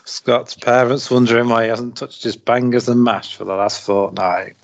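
A man's voice: medium pitch, fairly even intonation, moderate pace, dull audio. A man from Britain co-hosting a podcast in laid-back casual chat, laughing a lot and using British slang. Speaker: podcast co-host.

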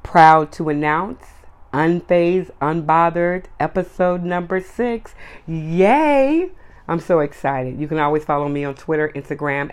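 A woman hosting her own podcast, talking bluntly and emphatically as she stacks repeated words one after another. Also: deep voice. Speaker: podcast host. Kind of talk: solo opinion podcast monologue.

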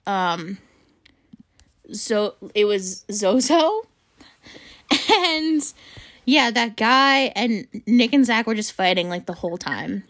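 A woman's voice: medium pitch, animated, takes it slowly, long pauses, fairly bright tone. A young woman hosting a casual chat with a friend, talking in a loose, chatty way with lots of fillers and laughter. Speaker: podcast host.

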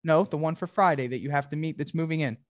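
A man with a fairly high voice runs a one-on-one sales coaching session. He talks directly and with emphasis, pressing his trainee with questions. The sound is dry and close. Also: fast, no room sound, highs cut off. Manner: direct, emphatic, acts out customer dialogues.

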